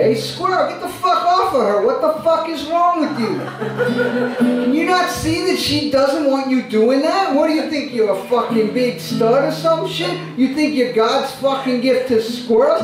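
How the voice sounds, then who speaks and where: A man doing a crude, cursing poet. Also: extremely high pitch. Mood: outraged. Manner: profane ranting delivery. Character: crude foul-mouthed male poet, gruff and blunt. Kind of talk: stand-up character bit. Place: small theatre stage. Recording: echoey room heard from far off.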